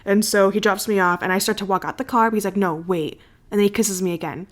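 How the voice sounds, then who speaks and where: A young woman co-hosting a podcast, telling a story in a casual, animated way, swearing freely and acting out the voices of the people in it. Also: medium pitch, quick pace. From United States. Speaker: podcast co-host.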